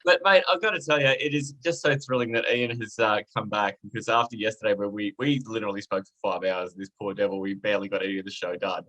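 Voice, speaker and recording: A man hosting a casual podcast, animated and quick to laugh, full of cheeky banter. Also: lowish voice, low-quality recording. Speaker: podcast host.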